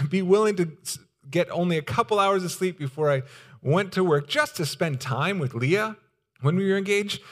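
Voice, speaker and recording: A young man preaching a sermon as pastor, earnest and pleading, with pauses and restarts. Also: high-pitched, fairly bright tone.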